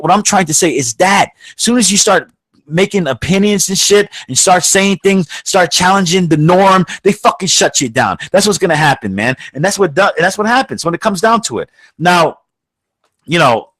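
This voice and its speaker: A man's voice: medium pitch, animated, fairly quick, a bit bright, no room sound. A man hosting a podcast, delivering a heated political rant that is full of swearing and rambling restarts. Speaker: podcast host.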